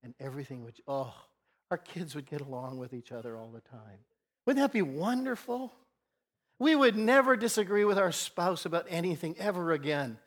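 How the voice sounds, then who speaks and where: A man preaching a sermon as pastor, telling a Bible story earnestly and shifting between soft and loud emphasis. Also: fairly high pitch, animated, normal speed.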